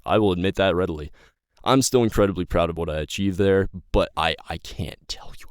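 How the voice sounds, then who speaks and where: A man's voice: deep voice, clear, resonant tone, no echo, studio quality. A nineteen-year-old man giving an impassioned, rambling personal update to his viewers, swearing and stumbling over his words. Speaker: YouTube creator and novelist.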